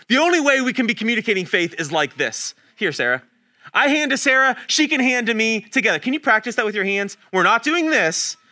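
A man in his thirties preaching a sermon in a church, animated and self-deprecating, showing points with his hands. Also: very high voice. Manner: animated, self-deprecating, talks with hand demonstrations. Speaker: guest preacher. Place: church sanctuary.

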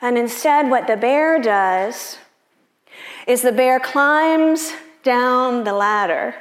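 A woman pastor preaches in a slow, unhurried, conversational way. Her voice sits a little high, and she speaks personally to the people in front of her. The sound echoes around a large church sanctuary. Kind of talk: sermon.

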